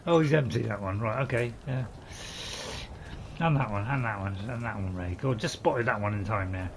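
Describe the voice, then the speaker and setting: A man's voice: on the low side, normal speed, creaky, a little hiss or hum. A man, a gaming host, giving jokey casual let's-play commentary and bantering with game characters.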